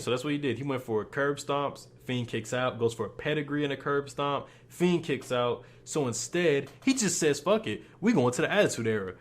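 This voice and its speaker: A young man with a mid-range voice rants through a casual review. He swears freely and sounds exasperated, firing off quick disbelieving questions. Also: medium pitch. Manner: profane, exasperated, animated ranting. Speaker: wrestling reviewer.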